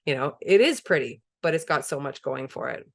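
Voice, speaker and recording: A woman's voice: sits low, lively intonation, a little fast, vocal fry. A woman presenting a webinar on a video call, conversational and enthusiastic, laughing easily as she explains. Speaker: permaculture presenter.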